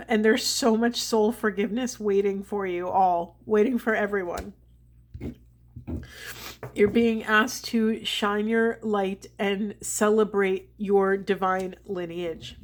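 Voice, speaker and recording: Woman giving a slow, emotional tarot reading. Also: fairly high pitch, steady tone. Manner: slow, meditative, emotional delivery with sighs. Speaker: tarot card reader. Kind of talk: spiritual tarot reading to camera.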